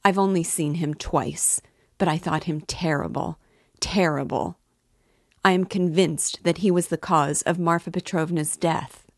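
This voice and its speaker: A woman's voice: fairly low pitch, fairly even intonation, a little slow, dry recording, studio quality. A woman reading a fretful older mother. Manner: fretful, exclaiming.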